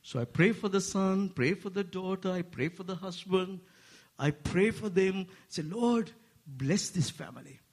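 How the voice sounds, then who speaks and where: A man with an Asian accent preaching a sermon to a congregation, making playful asides and lifting his voice high for emphasis. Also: moderate pace. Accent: Asian English. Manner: rising to animated, high-pitched emphasis. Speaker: guest preacher.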